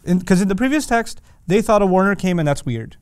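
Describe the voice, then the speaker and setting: Animated male Quran lecturer, dry close sound. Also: high voice, a little fast, smooth, no room sound. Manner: animated, rhetorical questions, emphatic. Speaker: Quran teacher.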